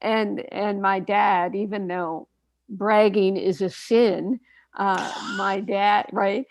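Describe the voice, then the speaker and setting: A woman's voice: medium pitch, fairly even intonation, takes it slowly, no echo. An older woman, a doctor hosting a radio talk show, telling stories in a chatty way with frequent laughs. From Canada. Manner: chatty storytelling, laughs often. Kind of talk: casual radio chat.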